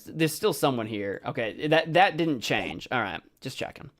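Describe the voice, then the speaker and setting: A woman's voice: extremely low pitch, very animated, moderate pace. A woman giving casual, self-mocking commentary while playing a game, chatty and laughing often. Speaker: let's play streamer.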